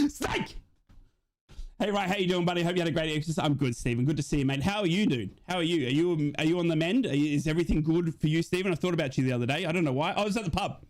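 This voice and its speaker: A man runs a live stream in a loose, matey way, talking straight to his viewers. His voice sits high for a man. He jumps from easy chatter to excited shouts. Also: rapid-fire, few pauses. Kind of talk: casual live-stream chat.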